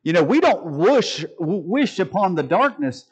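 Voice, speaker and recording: A man preaching a sermon to a live congregation, calling them folks and stressing key words with long pauses. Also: high voice, sing-song, husky, lo-fi sound. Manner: addresses listeners as folks.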